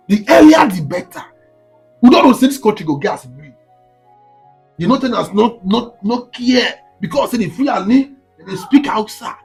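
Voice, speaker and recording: A man's voice: high voice, darkish tone, slightly rough. A man with a Nigerian Pidgin accent giving indignant commentary to camera, firing off rhetorical questions.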